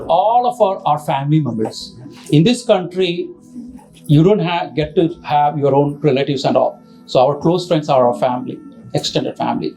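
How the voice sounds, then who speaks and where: A man's voice: high voice, a little mellow, low-quality recording. Middle-aged man, father-of-the-bride toast, rambling and joking, light music under it. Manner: rambling, joking, self-correcting, with asides to the audience. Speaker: father of the bride giving a speech. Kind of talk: informal speech at an engagement party.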